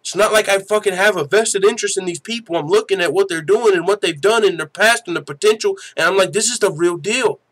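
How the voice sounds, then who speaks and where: A man's voice: high voice, quick pace, few pauses, fairly bright tone, low-quality recording. A young man talks to his audience in a casual solo commentary, slangy and heavy on the swearing. His voice sits a little above the usual male range. He comes across as hyped and unfiltered the whole way through. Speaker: MMA show host.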